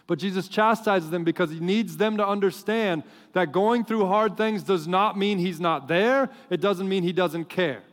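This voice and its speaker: High-voiced man preaching in an echoing hall. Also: moderate pace, hardly any pauses. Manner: animated, joking storyteller. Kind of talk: sermon. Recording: long hall reverb.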